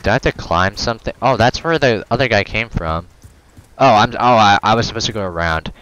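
A man's voice: on the low side, brisk, a bit bright, highs cut off, slight background noise. A man commentating his horror game playthrough, swearing and joking at the screen, yelping when something jumps out. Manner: profane, jokey, reactive, yelps when startled. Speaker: gamer.

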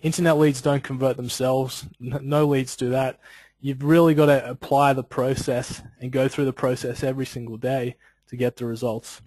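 A man's voice: medium pitch, level tone, normal speed, a little mellow, no echo, rough recording. Casual, conversational man presenting a webinar. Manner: conversational, loose, peppered with "you know" and "like". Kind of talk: casual instructional webinar talk.

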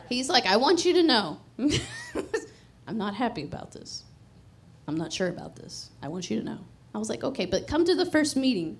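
A middle-aged woman preaching a sermon as personal testimony, telling her story with animated energy, laughing often and acting out the dialogue. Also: medium pitch.

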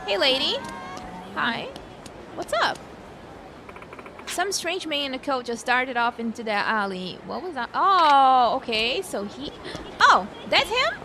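A woman streaming a video game, chatting and reacting with excitement. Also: sits high, measured pace, background noise. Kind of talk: casual gameplay commentary.

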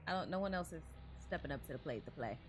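A woman's voice: low voice, lively intonation, fast talker, slight background noise. A woman streamer chatting casually while playing an online game, thanking viewers and joking with friends in loose slangy talk. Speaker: streamer hosting a multiplayer horror game session. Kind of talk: casual gaming chat.

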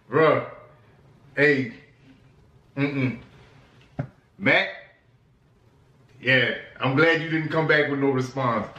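Slow-talking excited male vlogger. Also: a little high. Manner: excited, laughing, repetitive hype talk. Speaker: host reacting to music. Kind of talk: casual reaction vlog. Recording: echoey room, distant mic.

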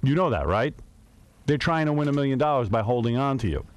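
A man's voice: medium pitch, lively intonation, fast talker, no room sound. A man hosting a radio talk show, needling a guest with teasing questions.

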